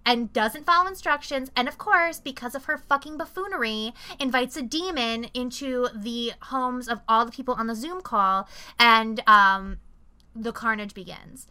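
Bright, crisp-voiced young woman, swearing freely. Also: a little high, moderate pace. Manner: animated, profane storytelling full of fillers. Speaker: podcast co-host. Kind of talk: casual chat.

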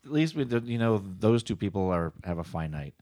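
Low-voiced man chatting film news. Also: sing-song, a little fast, no room sound. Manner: chatty, trails off into mumbles, laughs loudly. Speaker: podcast co-host. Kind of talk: casual film news chat.

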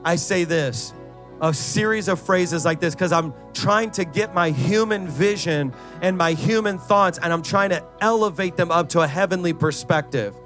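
A man's voice: high-pitched, moderate pace, a bit bright, faint music behind. A middle-aged male pastor preaching a sermon, rising into fervent, sing-song prayer and exhorting the congregation with repeated calls.

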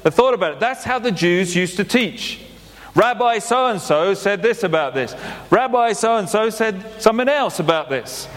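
Male preacher, plain-spoken and repetitive, high-ish voice, reverberant church hall. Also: animated, normal speed, a bit bright. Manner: plain-spoken, repeats phrases for emphasis. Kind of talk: sermon.

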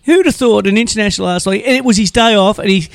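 A man's voice: sits high, rapid-fire, vocal fry, no room sound, clean studio sound. An Australian man hosting a radio show in casual banter, rambling and laughing often, repeating himself. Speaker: radio host.

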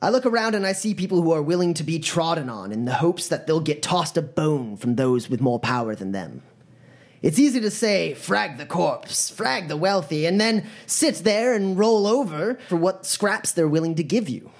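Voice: medium pitch, animated, voice pushed up. A game master voicing a masked gang boss. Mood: preaching. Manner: slow, sermon-like menace. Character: masked male gang leader, ruthless and preaching.

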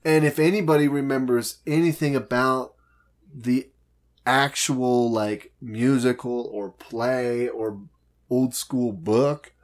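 A man co-hosting a casual chat, recapping a movie and acting out its characters in quick voice shifts. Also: medium pitch, fairly even intonation. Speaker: podcast co-host.

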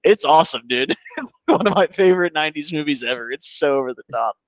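A man's voice: on the high side, fast talker, no echo. Podcast man, easygoing sports chatter, salty language, dry, slightly dull mic. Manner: animated storyteller, swears freely, says "dude". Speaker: podcast co-host. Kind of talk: casual sports chat.

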